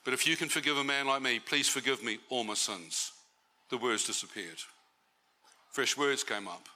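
A man's voice: medium pitch, normal speed, sharp tone. A man giving a testimony sermon to a church meeting, conversational and often asking the audience questions.

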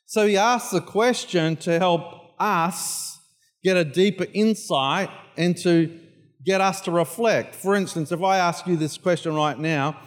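A man preaching a sermon as pastor, moving from quiet prayer to loud, emphatic repetition. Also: high voice, unhurried, big-room sound.

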